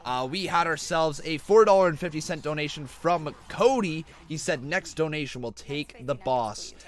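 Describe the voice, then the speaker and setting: A man's voice: on the high side, moderate pace. A man hosting a live reaction stream, chatting casually and reading out viewer donations and questions. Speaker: livestream host.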